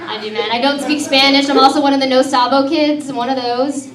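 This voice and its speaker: A woman's voice: high voice, fairly even intonation, a little fast. A woman in her thirties doing a breezy, self-mocking stand-up comedy set, peppering her lines with "dude" and "man.". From United States. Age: 30s. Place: comedy club stage. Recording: echoey club from a distance, crowd audible.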